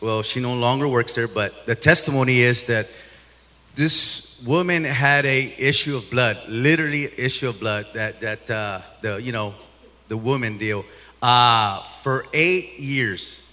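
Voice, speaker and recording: A man giving a halting, rambling testimony in church that grows fervent as he tells it. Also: medium pitch, bright, forceful tone, in a large hall. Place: church sanctuary.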